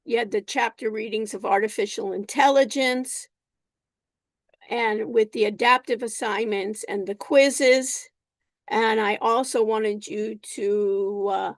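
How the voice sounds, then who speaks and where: A woman instructor lecturing her class over a video call, unhurried, often repeating herself and calling on students by name. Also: on the high side, creaky, no echo. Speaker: college instructor.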